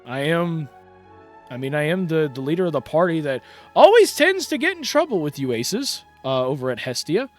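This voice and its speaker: A man's voice: a little high, sing-song, normal speed, faint music behind. A man playing a human male adventuring party leader who talks in a placating, slightly pompous way.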